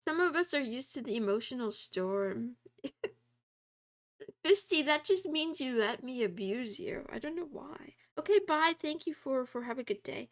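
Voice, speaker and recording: A woman streamer chatting casually with her viewers, reading study notes aloud, giggling and drifting into soft meows. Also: high-pitched, expressive, measured pace.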